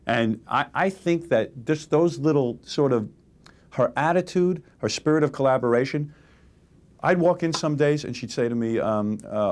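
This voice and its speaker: A man in his forties in a candid interview, telling lively stories and acting out the exchanges he quotes. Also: mid-range voice. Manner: animated storytelling, acts out quoted exchanges. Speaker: interview guest, radio host.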